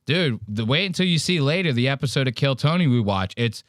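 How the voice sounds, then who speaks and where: A man's voice: medium pitch, animated, brisk, no room sound. Guy hosting a podcast, cursing and joking around, dry close mic. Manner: profane, joking, acts out quotes. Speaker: podcast host. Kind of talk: casual reaction chat.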